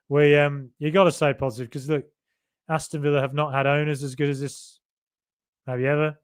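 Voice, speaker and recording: His voice is fairly high, level and clean, moving a little fast, with a Birmingham (Brummie) accent. He's a podcast host from Birmingham, England, on a casual live-stream, chatting loosely, rambling with many fillers and asides, and reading viewer comments aloud.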